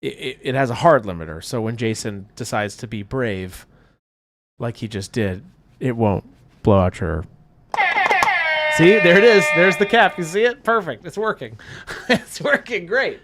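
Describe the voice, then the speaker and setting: Man, chatty stream co-host, swinging lively pitch, laughs a lot. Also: measured pace. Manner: chatty, laughs often, reads out viewer comments. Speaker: livestream co-host. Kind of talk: casual livestream chat while painting miniatures.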